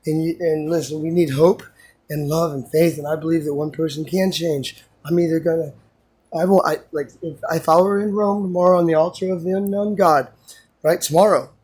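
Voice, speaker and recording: A man's voice: fairly high pitch, steady tone, fairly quick, darkish tone, slightly rough. A man vlogging in a rambling, unscripted monologue, intense and full of swearing.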